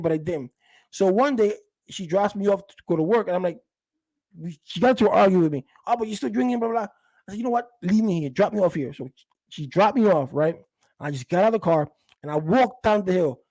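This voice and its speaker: A man's voice: sits high, darkish tone, no echo. A middle-aged man, telling a personal story in a rambling, casual way with many restarts. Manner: rambling, with frequent restarts and quoted dialogue. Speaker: storyteller recounting a past relationship.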